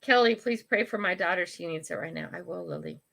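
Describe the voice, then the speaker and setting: An older woman hosts a casual live chat, answering comments as they come in. Her voice sits a little low but sounds bright and forceful, and she talks frankly, laughs easily, and keeps saying sorry. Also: brisk, creaky. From United States. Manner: chatty, frank, laughs often, apologizes and restarts. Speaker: livestream host.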